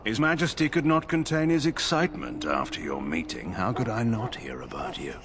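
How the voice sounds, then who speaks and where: An actor playing a proud, scheming nobleman in a game, measured and lightly condescending. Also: lowish voice, big pitch swings, a crowd in the background. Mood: cool. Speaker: game character, a lord.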